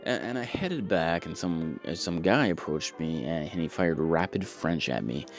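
A man's voice: sits low, expressive, measured pace, faint music behind. A man telling a comedic story in a casual, rambling, self-mocking way, with profane sarcastic asides and frequent restarts.

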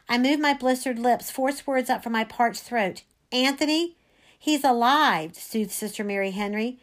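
A woman, a teacher reading a novel aloud to a class, reading expressively and dramatically with small slips. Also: medium pitch.

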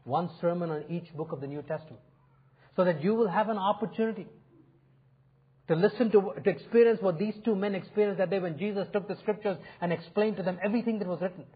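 A man's voice: sits high, quick pace, breathy edge. A male pastor preaching a sermon in an earnest, inviting way, swelling and dropping his emphasis. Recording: phone-like narrow sound.

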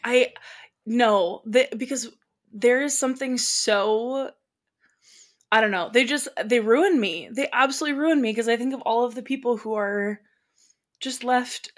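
A woman's voice: a little high, unhurried. Young woman co-host, chatty and emotional, easy laugh. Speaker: podcast co-host. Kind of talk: casual chat.

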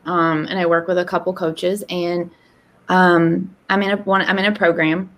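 A woman in her thirties telling a candid personal story in casual conversation, acting out quoted lines. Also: normal speed. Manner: animated, acts out quoted dialogue with rising pitch. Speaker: podcast guest.

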